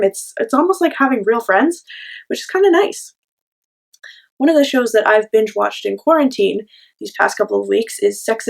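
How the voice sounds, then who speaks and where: A young woman from Ontario delivers a self-taped comic monologue in a chatty, deadpan way. Her voice has a noticeable gravelly fry to it. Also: medium pitch. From Ontario, Canada. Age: 20s. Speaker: monologue performer.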